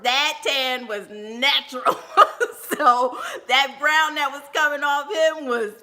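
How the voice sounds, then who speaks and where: A woman's voice: sits high, takes it slowly, bright, forceful tone. A woman telling a funny personal story to viewers in a casual livestream, laughing often and talking straight to her audience.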